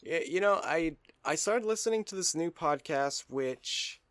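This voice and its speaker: A man's voice: on the high side, expressive, unhurried, fairly bright tone, dry recording. Laid-back male podcast co-host, dry mic. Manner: laid-back, jokey, swears casually. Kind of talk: casual chat.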